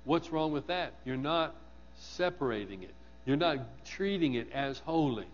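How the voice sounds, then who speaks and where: A man's voice: on the high side, lively intonation, unhurried, long reverb tail, dull audio. A man preaching a sermon, asking his congregation questions and repeating words for emphasis.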